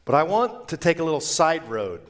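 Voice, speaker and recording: A male pastor preaching a sermon in an emphatic, conversational manner that swells into loud declarations. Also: a little high, big pitch swings, fairly quick.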